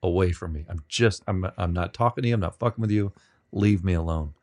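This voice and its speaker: Deep-voiced guy rambling thru a story, laughs at himself, lots of restarts. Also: darkish tone. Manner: rambling, self-deprecating, halting restarts. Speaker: podcast host being interviewed. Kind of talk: casual storytelling.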